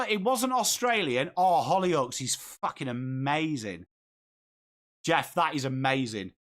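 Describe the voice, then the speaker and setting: A man's voice: on the high side, lively intonation, unhurried, fairly bright tone. An English man hosts a live football watchalong stream. He chats casually and answers viewers' comments while reacting to the game. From England. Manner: chatty, reads and answers viewer comments while calling the play. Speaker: host of a live footy watchalong.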